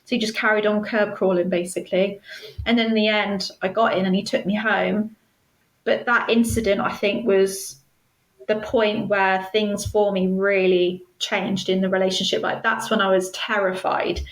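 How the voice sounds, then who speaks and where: A woman, a guest telling her personal story in a podcast interview, earnest and measured. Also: medium pitch, little pitch movement, reverberant, poor audio. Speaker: guest, stalking survivor.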